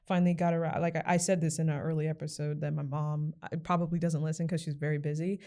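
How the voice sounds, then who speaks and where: Chatty young woman with a low voice. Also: flat delivery, quick pace, dark tone. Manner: joking, chatty, choked up. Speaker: podcast co-host. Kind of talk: casual chat. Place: indoor podcast recording.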